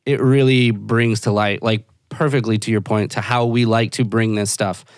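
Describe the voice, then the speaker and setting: A man's voice: lowish voice, steady tone, normal speed, smooth, no echo, studio quality. A man co-hosting a podcast in casual chat, agreeable and swearing casually. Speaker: podcast co-host.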